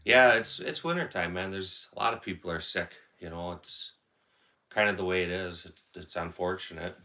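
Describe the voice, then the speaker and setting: Speaking at normal speed in a low, sharp voice, a man from Wisconsin with a Wisconsin accent hosts a casual livestream and reads viewer comments aloud. He is congested, with a sore throat.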